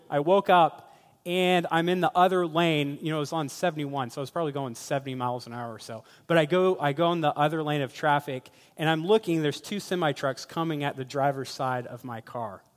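Male pastor with a somewhat high voice, chatty storytelling sermon, recorded in a reverberant church hall. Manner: conversational storytelling, addresses listeners as guys.

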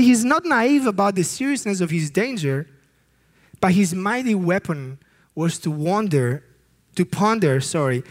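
High-voiced earnest preacher man. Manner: earnest, emphatic preaching with occasional slips and restarts. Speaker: youth ministry director preaching. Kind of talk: sermon.

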